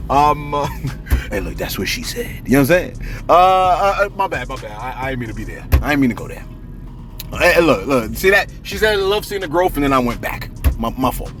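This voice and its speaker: A man's voice: a little high, very animated, normal speed, fairly bright tone, faint music behind. A man hosting celebrity gossip commentary in a casual, joking way with slangy asides.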